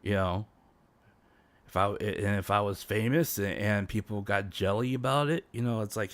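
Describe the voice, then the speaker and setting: A man's voice: lowish voice, unhurried, no room sound. A man streaming as a VTuber, ranting casually with many restarts and fillers. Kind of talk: casual livestream rant.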